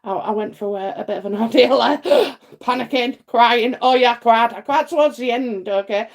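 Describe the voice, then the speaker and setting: A middle-aged woman from England hosts a live psychic stream, talking in a loose, rambling way with plenty of fillers and repeated phrases. Her voice sits a bit high for a woman. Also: moderate pace. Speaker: psychic livestream host. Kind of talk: casual livestream chat and readings.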